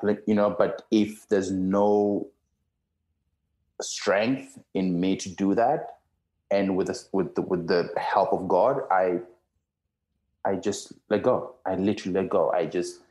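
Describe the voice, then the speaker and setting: A man in his thirties with a fairly low voice speaks earnestly in casual podcast chat. He rambles and restarts often, and the room gives his words a noticeable echo. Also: fairly even intonation, slow pace, darkish tone. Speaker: guest cohost. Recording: roomy echo.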